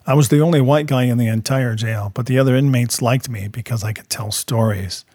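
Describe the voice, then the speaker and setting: A man's voice: medium pitch, fairly quick, dry recording. Man narrating his testimony, dry sound. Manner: plain, steady storytelling. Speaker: narrator of his own life story. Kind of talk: first-person testimony narration.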